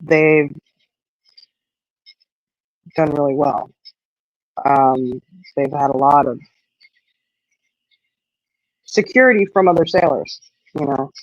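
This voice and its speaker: A woman's voice: sits low, takes it slowly, pauses often, no echo, muffled recording. A middle-aged woman hosting a casual livestream while out on a walk, rambling with lots of "you know" as she answers viewers. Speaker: livestream host. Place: outdoors on an evening walk.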